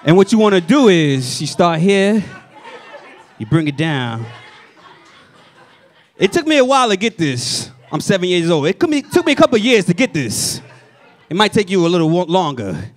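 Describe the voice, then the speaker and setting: A male comedian with a New York accent tells his story on a stage before a live crowd. His voice sits high and swings widely, jumping to loud punchlines as he acts out family members. Faint audience laughter runs behind him. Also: big pitch swings, moderate pace, pauses often. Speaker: stand-up comedian. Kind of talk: stand-up set.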